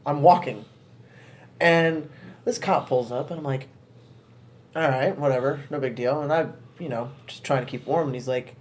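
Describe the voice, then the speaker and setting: A young man co-hosting a podcast, telling a story in casual chat, animated and swearing often, laughing as he goes. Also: medium pitch, moderate pace, long pauses, a little hiss or hum. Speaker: podcast co-host.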